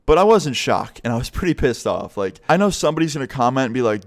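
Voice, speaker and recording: A man's voice: mid-range voice, fairly quick, hardly any pauses. A young man casually telling a story to his vlog audience, swearing freely and acting out what others said. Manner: casual, profane, animated retelling. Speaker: vlogger.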